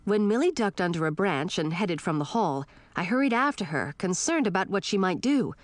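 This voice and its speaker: Expressive woman narrating an audiobook. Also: mid-range voice, moderate pace, dry recording. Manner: expressive first-person storytelling.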